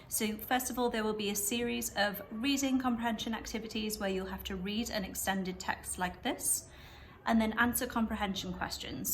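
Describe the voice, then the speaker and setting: A patient woman teacher talks students through a revision routine. She speaks clearly and instructively and slows right down to repeat phrases. A faint hiss sits under her voice. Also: mid-range voice. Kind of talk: revision lesson walkthrough.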